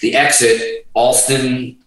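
Middle-aged man, casual storyteller, profane, animated, roomy room sound. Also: mid-range voice, takes it slowly. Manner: animated, swears constantly, restarts sentences. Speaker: guest musician. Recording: roomy sound, distant from the mic.

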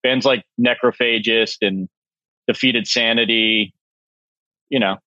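A man's voice: medium pitch, fairly even intonation, slow pace, bright, forceful tone, no room sound, muffled recording. A man in his forties from Massachusetts, a chef guesting on a podcast, talking in a dry, self-mocking way. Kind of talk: casual interview chat.

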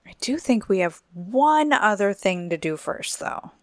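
A woman co-hosting a podcast in casual chat, chatty and quick to laugh. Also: medium pitch, animated, no echo, clean studio sound. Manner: chatty, giggly, reads listener submissions. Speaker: podcast co-host.

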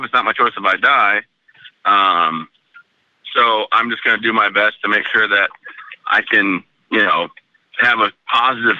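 A man, an Army veteran, calmly recounting a personal story in a remote interview, matter-of-fact and self-deprecating. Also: fairly low pitch, no echo, lo-fi sound.

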